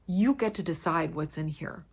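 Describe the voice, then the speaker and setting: A woman's voice: lowish voice, normal speed, slightly rough. Earnest woman giving a motivational talk. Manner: earnest, repeats key phrases for emphasis. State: emotional, close to tears. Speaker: fitness coach. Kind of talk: heartfelt motivational talk to camera.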